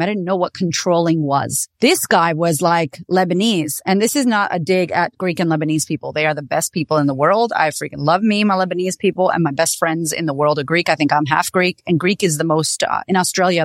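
A woman podcast host with a lower voice tells her own story in a candid, animated way. Her speech is close to the mic with a dry sound and no room echo. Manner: candid, animated, swears freely. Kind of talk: personal storytelling monologue.

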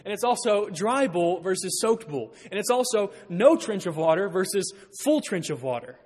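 A man preaching a sermon in a church, animated and growing loud when he quotes. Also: high-pitched, moderate pace, husky. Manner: animated, rising to loud emphasis when quoting. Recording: long hall reverb.

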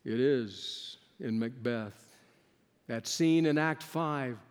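A male preacher giving a sermon, swinging between loud rising questions and hushed, near-whispered lines. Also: mid-range voice, slow pace, clean tone, long reverb tail.

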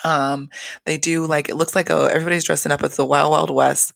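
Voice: mid-range voice, level tone, a little fast, gravelly, a bit bright, no room sound. A podcast host chatting casually through a reality TV recap, gushing, rambling and swearing freely on a home mic.

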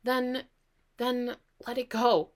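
A woman's voice: fairly high pitch, slow. A woman, a parent, telling a story in casual chat and acting out her own quoted words. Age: adult parent. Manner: animated storyteller, mock-quotes herself.

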